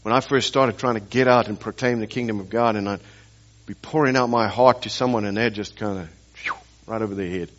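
A man's voice: fairly low pitch, fairly even intonation, a little fast, lo-fi sound. A man preaching a sermon as pastor, telling stories and pressing the congregation with rhetorical questions and emphatic repetition.

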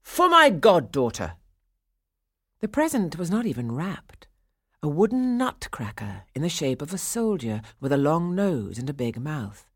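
A woman narrating a storybook in an expressive, measured storytelling manner. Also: sits low, dry recording, studio quality.

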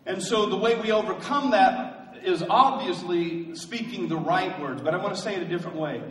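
A high-pitched man preaches to his congregation, pushing his lines hard and calling out to the room for answers. His voice rings through a large church hall with a long tail of reverb. It sounds a little distant from the mic. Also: a bit bright. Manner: rising to emphatic call-and-response preaching. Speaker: pastor. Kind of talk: sermon. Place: church sanctuary.

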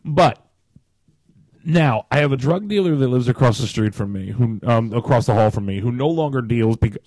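A man's voice: mid-range voice, moderate pace, no room sound. A man hosting a podcast, telling stories in casual chat with frequent laughter. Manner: animated storyteller, laughs often. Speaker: podcast host.

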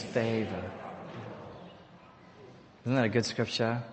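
A man preaching a sermon to his congregation, leading call-and-response and building to loud exhortation. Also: on the high side, lively intonation, normal speed, a crowd in the background. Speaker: pastor. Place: church hall. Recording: long hall reverb.

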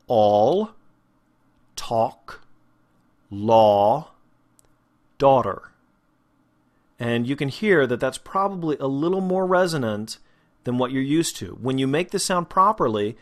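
A man teaching a podcast lesson on vowel sounds, explaining patiently and sounding out each vowel slowly and clearly. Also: mid-range voice, fairly bright tone. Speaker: voice and speech teacher.

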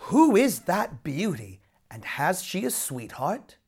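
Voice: mid-range voice, wildly swooping pitch, takes it slowly, a little mellow, breathy edge, full character voice. A storyteller voicing a bold, cheerful young woodsman who declares and teases heartily in a storybook reading. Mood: hearty.

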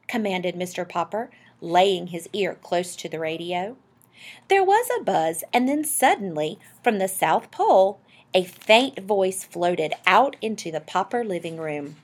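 Husky woman reading a storybook. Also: lowish voice, expressive, a little slow. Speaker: audiobook narrator. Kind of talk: storybook narration.

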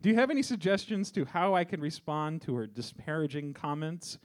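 A man's voice: fairly high pitch, expressive, fairly quick. A man hosting a comedy podcast, giggling often and stumbling as he reads listener letters aloud. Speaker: podcast host. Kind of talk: casual comedy podcast chat.

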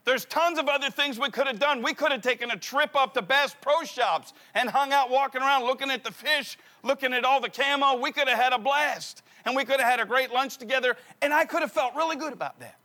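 Middle-aged pastor, kinda high voice, funny story sermon, does all the voices. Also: male voice, brisk, few pauses, pushed and bright. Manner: humorous, acts out the dialogue.

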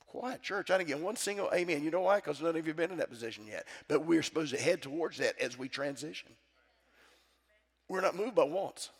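A middle-aged pastor preaches a sermon in a church sanctuary, calling out to his congregation for responses. His voice sits on the high side and is slightly rough, with the long reverb of church sound.

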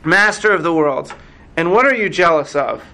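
A man's voice: on the high side, expressive, normal speed, sharp tone. A man voicing Moses arguing with God, with an incredulous, coaxing and protesting manner. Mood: pleading. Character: Moses pleading with God, an exasperated older man.

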